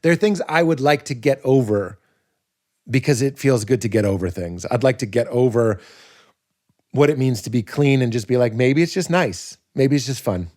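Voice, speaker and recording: A man, a comedian and podcast guest, talking casually in an animated, riffing way and laughing at his own points. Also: medium pitch, moderate pace.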